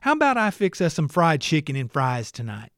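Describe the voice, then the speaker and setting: A man putting on a sharp, curt woman. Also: on the high side, wildly swooping pitch, brisk, dry recording, clean studio sound. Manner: sharp, clipped retorts. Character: curt woman on the phone, girlfriend.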